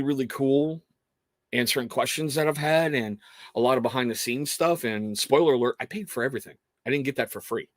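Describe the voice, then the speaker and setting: A man's voice: mid-range voice, no echo. A man chatting on his own livestream in a loose, earnest ramble, often stopping and starting his sentences. His voice sits in a middle range, and the sound is dry and close, with almost no room around it. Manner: rambling, self-interrupting, earnest. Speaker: livestream host. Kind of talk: casual livestream chat.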